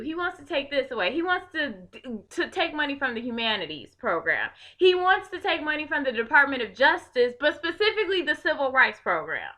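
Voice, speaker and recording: A woman's voice: high-pitched, pushed and bright. A young woman from Chicago giving an impassioned, blunt political rant to the camera and swearing freely. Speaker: video blogger.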